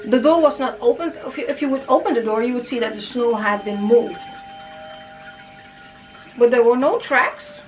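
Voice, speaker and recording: Woman, storytime vlogger, high voice, animated and chatty, slightly distant mic. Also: normal speed, pauses often, soft background music. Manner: animated, acts out her own past reactions, many "like" fillers. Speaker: storytime YouTuber. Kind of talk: casual storytelling to camera.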